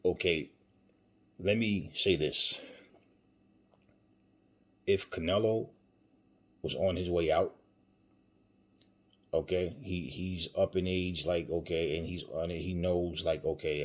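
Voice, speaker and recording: A man's voice: sits low, fairly even intonation, takes it slowly, pauses often. A man hosting a boxing commentary channel, talking emphatically with rhetorical questions and frequent fillers. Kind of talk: opinionated commentary.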